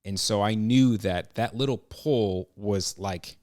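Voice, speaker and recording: A man hosting a podcast, telling a personal story in an earnest, reflective way, halting and restarting his sentences. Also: fairly low pitch, a little mellow, no echo, studio quality. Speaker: podcast host.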